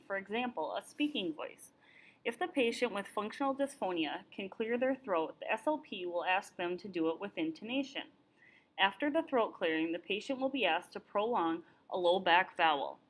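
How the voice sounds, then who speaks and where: A young woman reading therapy procedure steps aloud in an even, read-aloud manner. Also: medium pitch. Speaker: student playing a therapy client and narrating steps. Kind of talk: scripted lesson narration.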